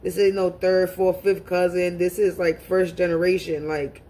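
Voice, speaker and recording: A woman's voice: fairly low pitch, flat delivery, normal speed, dark tone, a little hiss or hum. A woman speaking to camera in a casual monologue as a spiritual reader, talking bluntly and profanely and often repeating words as she restarts.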